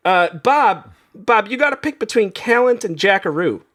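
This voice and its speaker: Man, comedy game host, high-pitched and playful, laughs easily through the banter. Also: big pitch swings, measured pace, a bit bright.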